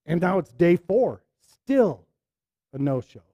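A man with a high voice delivers a sermon in a plain, conversational tone. His intense, pleading questions give way to quiet, hushed asides. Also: sing-song, takes it slowly. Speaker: pastor.

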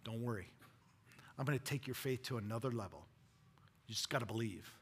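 Preacher doing a quiet calm teacher voice, low, soft, bright tone. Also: male voice, a little hiss or hum, lightly acted. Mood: gentle. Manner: low, soft, measured, commanding. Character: calm, authoritative male teacher speaking gently.

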